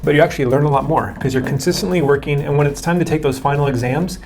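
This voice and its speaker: A man's voice: a little high, fast talker, creaky, music in the background. A man hosting an interview in an upbeat, encouraging way. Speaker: host.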